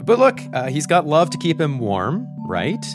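Male podcast host, animated delivery, playful narrator, music bed. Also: fairly high pitch, moderate pace. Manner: playful, conversational. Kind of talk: scripted narration and interviewing.

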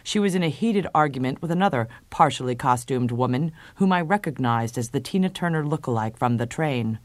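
Deep-voiced woman narrating a story. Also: animated, a little fast, no room sound. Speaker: story reader. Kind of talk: dramatic story reading.

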